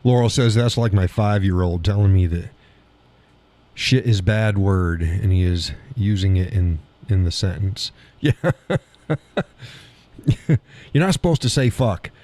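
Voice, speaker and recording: A man's voice: low voice, fairly even intonation, measured pace, dark tone. A middle-aged man hosting a live stream in casual chat, swearing freely, laughing often, telling stories with animation. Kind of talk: casual chat reading viewer comments.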